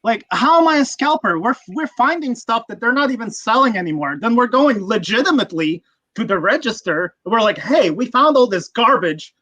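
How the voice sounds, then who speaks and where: Man, livestream host, bright tense voice, dry close sound, profane rambling rant. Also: very high voice, expressive, brisk, no room sound, low-quality recording. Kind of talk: casual livestream chat.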